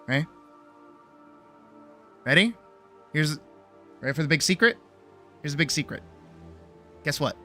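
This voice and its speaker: A woman streamer talking loosely to her chat, swearing freely and rambling through a pep talk. Her voice is bright and lively, jumping up and down in pitch, with soft music underneath. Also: unhurried, long pauses. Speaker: streamer and artist. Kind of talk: casual livestream chat.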